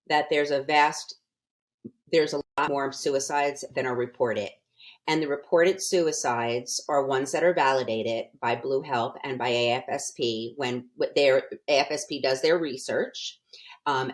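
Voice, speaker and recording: An older woman guest on a podcast, talking earnestly and emphatically, often restarting her sentences. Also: deep voice. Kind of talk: casual podcast conversation.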